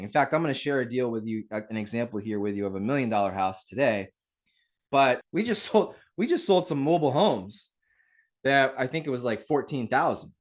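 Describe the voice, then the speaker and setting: Energetic guy running a live webinar, mid pitch, pumped up, talking right at the viewers on a call mic. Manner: energetic, upbeat, talks straight to the audience. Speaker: webinar host.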